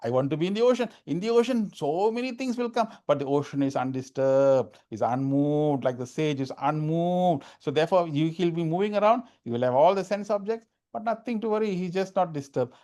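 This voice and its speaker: A man's voice: on the high side, brisk, few pauses, mellow. A man giving an informal spiritual talk, repeating phrases for emphasis. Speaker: spiritual speaker.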